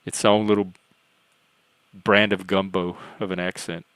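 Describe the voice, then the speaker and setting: Low-voiced Southern man, rambling host. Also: little pitch movement, unhurried, a bit bright, clean tone, dry recording. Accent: Southern US, Louisiana-Cajun-Texas blend. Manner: rambling, self-deprecating, chatty. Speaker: livestream host. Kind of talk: casual livestream chat.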